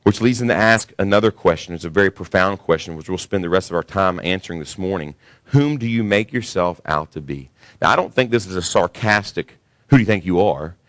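A pastor delivering a sermon in a lowish male voice that climbs sharply when he gets worked up. The sound is dry and close, with almost no room around it. He talks straight to the congregation, emphatic and questioning. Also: fairly quick, dry recording. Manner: animated preaching that rises high when voicing others.

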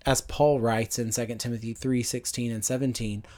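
A man teaching on scripture for a podcast, speaking in a measured, earnest way with frequent ums. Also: mid-range voice, steady tone, warm tone.

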